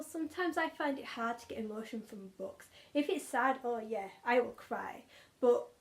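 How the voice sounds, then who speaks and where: Young woman, book vlogger, eager casual talk, slightly high-pitched, repeats words for emphasis. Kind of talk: casual chat.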